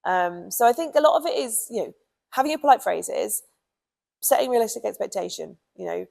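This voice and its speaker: A woman's voice: medium pitch, expressive, fairly quick, vocal fry, darkish tone, rough recording. A British woman who trains dogs, giving chatty, casual advice with plenty of ums and you knows. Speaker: dog trainer.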